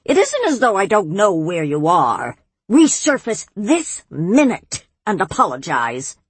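A woman's voice: medium pitch, huge pitch swings, unhurried, husky, no echo, full character voice. A woman voicing a bossy old witch who scolds and bellows at others in a storybook reading. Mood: scolding.

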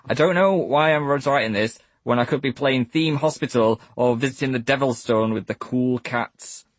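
A man's voice: mid-range voice, breathy edge, dry recording, natural voice. A man voicing a hyperactive twelve-year-old boy recording a message for the future, full of silly jokes. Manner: giddy, jumpy, silly jokes.

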